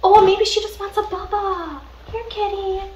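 A woman's voice: very high voice, fairly even intonation, moderate pace, darkish tone. A woman acting as a frazzled pet-daycare worker, fretful and flustered, in pretend play for kids. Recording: roomy, distant, noisy home recording.

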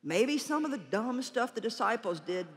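An older woman preaching a humorous conference sermon, animated and joking as she acts out little prayers and conversations. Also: on the high side, normal speed.

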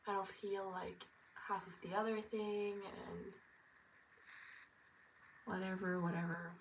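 Young woman vlogger, unhurried self-amused rambling, gravelly fry, recorded from across the room. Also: mid-range voice, fairly even intonation, slight background noise. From France and Norway. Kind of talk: get-ready-with-me chat. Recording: distant mic with faint ambience.

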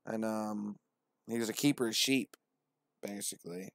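A man's voice: lowish voice, fairly even intonation, normal speed, vocal fry, dry recording. A man retelling scripture as comedy, profane and slangy, with a wry tone and hesitant restarts.

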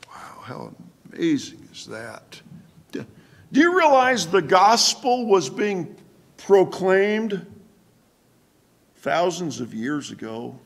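Slow, halting pastor teaching Bible study. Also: male voice, high-pitched, big pitch swings, creaky. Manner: halting, many fillers and restarts; asks the congregation questions. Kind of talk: sermon-style Bible study. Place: church.

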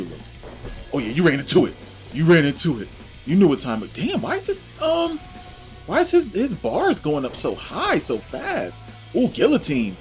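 A man hosting his own gameplay channel, giving excitable, trash-talking play-by-play commentary. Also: mid-range voice, normal speed, soft background music.

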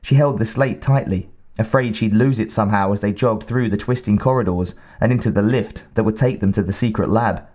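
A man reading a sci-fi novel aloud in a measured, dramatic narration style. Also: on the low side, darkish tone. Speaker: audiobook narrator.

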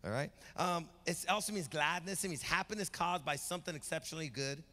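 Man, sermon, bright forceful tone, long church-hall reverb. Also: fairly high pitch, fairly quick. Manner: rhythmic preaching with rising emphatic build-ups. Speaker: pastor. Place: church sanctuary.

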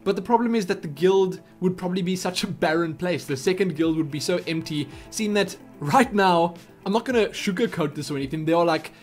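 A man's voice: high-pitched, a little fast, few pauses, soft background music. A man hosting his own question-and-answer video, talking casually and rambling a little, poking fun at himself as he goes, recorded on his webcam at his computer. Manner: rambling, self-deprecating, chatty. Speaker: channel host answering viewer questions. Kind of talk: casual Q&A chat. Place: at a home computer. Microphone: webcam microphone.

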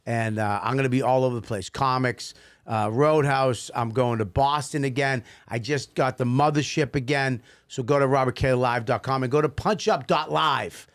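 A man's voice: mid-range voice, normal speed, a bit bright. A man co-hosting a comedy podcast, talking in loose, profane banter and slipping into mocking voices.

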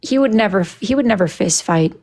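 A woman's voice: medium pitch, animated, fairly quick, darkish tone. A young woman hosting a casual livestream, reading viewer comments aloud in a sassy, dramatic, playful way. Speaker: livestream host.

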